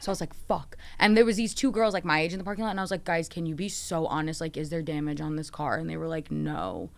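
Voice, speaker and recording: A woman's voice: low voice, quick pace. A young woman hosting a podcast, telling stories in casual chat, acting out the quotes and swearing often. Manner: animated storytelling, acting out quotes, frequent swearing. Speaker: podcast host.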